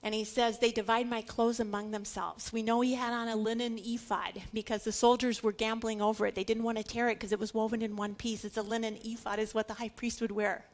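A woman giving an animated scripture teaching, stressing points through repetition and dramatizing the quoted lines. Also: on the high side, brisk, hardly any pauses. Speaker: Bible teacher.

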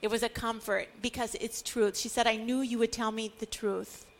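Woman Bible study teacher, middle-aged, earnest, emphatic, fairly high voice. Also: steady tone, moderate pace. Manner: earnest, building to emphatic declarations.

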